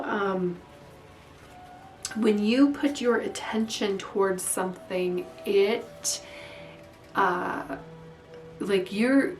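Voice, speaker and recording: A woman doing a spiritual tarot reading, talking in a rambling, halting way with many fillers. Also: medium pitch, far from the mic. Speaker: tarot reader. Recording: echoey room, away from mic.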